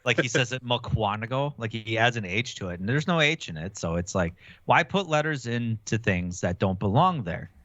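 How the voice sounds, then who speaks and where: Bright-voiced Wisconsin man teasing. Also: lowish voice, big pitch swings, moderate pace, few pauses, no room sound. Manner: teasing, laughs often. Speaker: podcast co-host. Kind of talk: casual podcast chat. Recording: dull, dry lo-fi mic.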